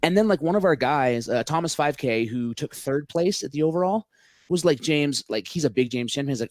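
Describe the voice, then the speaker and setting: A man's voice: on the high side, lively intonation, fairly quick, dry recording, clean studio sound. Rambling, swearing storyteller man. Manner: rambling storyteller, heavy filler words, swears freely. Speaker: podcast guest, local event organizer. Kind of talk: casual podcast chat.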